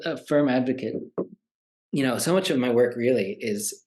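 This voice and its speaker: A man's voice: mid-range voice, normal speed, darkish tone. A man in his forties, a meditation teacher, talking casually and animatedly, acting out the voices of people he quotes. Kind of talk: conversational talk.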